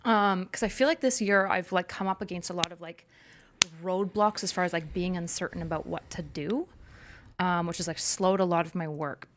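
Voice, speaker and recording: A woman's voice: on the low side, fairly even intonation, normal speed, slight background noise. A young woman co-hosting a casual livestream chat, explaining clinical terms in a chatty way with plenty of fillers. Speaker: co-host.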